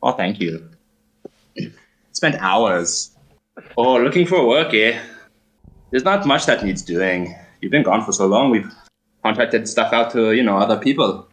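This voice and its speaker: A man's voice: lowish voice, animated, a little slow, pauses often, fairly bright tone, rough recording. A man voicing an effeminate German elf bartender, fussy and flirty. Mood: breezy.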